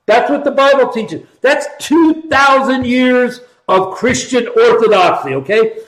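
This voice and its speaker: Middle-aged male host, emphatic and sarcastic, high voice, roomy echoey sound. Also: animated, measured pace, a bit bright. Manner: emphatic, sarcastic, repeats for stress. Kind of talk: political commentary show.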